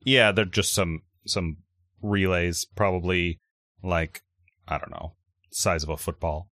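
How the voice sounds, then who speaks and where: A man running a tabletop role-playing game as game master, talking in halting bits full of fillers and restarts. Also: low-pitched, steady tone, a bit bright, dry recording, studio quality.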